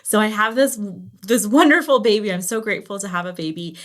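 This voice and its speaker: A woman in her thirties from the United States, a podcast guest telling lively stories and acting out what people said. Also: mid-range voice, fairly quick. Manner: animated storyteller, acts out quoted dialogue. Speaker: podcast guest, business founder. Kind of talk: casual interview chat.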